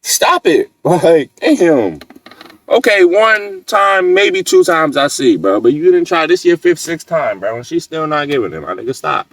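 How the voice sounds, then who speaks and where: A man's voice: on the high side, big pitch swings, unhurried, no echo. A man giving casual, joking, slang-heavy reaction commentary. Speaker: reaction host.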